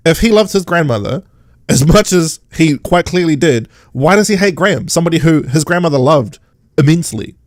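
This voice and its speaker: Male podcast host, sarcastic, animated, slightly high voice, dry close mic. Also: fairly quick, no echo. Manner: animated, sarcastic, mimics characters. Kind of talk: casual chat.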